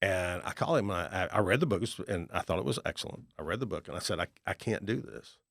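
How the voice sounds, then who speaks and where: A man's voice: low-pitched, fast, creaky, no echo, clean studio sound. A middle-aged man, a real estate investor telling folksy stories in a podcast interview and acting out the people in them. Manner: folksy, animated storyteller acting out dialogue.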